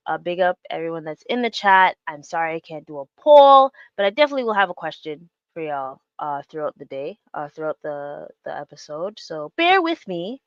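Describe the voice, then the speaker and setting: A woman's voice: sits low, lively intonation, fairly quick, hardly any pauses, smooth, no room sound, highs cut off. A woman hosting her own podcast, chatting casually and rambling with many fillers and restarts. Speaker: podcast host. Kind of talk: casual solo podcast chat.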